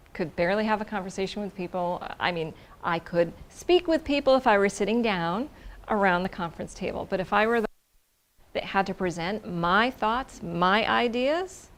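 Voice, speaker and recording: A woman's voice: mid-range voice, moderate pace. Effusive woman telling a personal story. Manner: expressive, effusive, repeats words for emphasis, drops into whispers.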